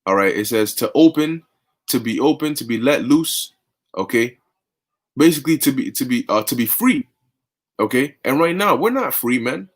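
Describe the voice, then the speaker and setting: A man's voice: mid-range voice, expressive, moderate pace. A young man teaching scripture in a fervent, conversational way, often tagging sentences with "man" and "okay". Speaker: preacher.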